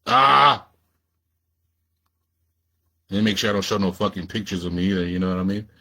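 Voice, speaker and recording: A man with a drawl chats casually on his own livestream, loose and profane as he talks straight to the viewers. His voice sits somewhat low. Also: flat delivery, rapid-fire. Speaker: livestream host.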